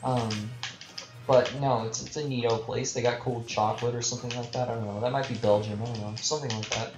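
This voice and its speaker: A man's voice: mid-range voice, little pitch movement, fast talker. Rambling male gamer streaming live. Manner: rambling, self-deprecating, chatting with viewers. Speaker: gaming livestreamer. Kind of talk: casual live commentary while gaming. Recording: roomy echo with game music behind.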